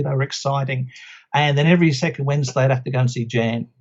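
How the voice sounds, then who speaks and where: Middle-aged man, gravelly voice, muffled lo-fi sound, chatty storyteller guest. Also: mid-range voice, fairly even intonation, fast. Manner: chatty anecdotes with acted-out quotes. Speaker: guest, business coach. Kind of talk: casual interview storytelling. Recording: slightly muffled lo-fi audio.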